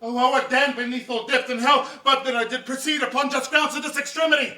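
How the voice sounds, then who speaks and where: An actor playing a jealous, tormented husband in amateur stage acting, brooding murmurs breaking into shouts. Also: male voice, very high voice, steady tone, fast talker, full character voice. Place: outdoor stage, roomy. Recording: roomy echo from far off.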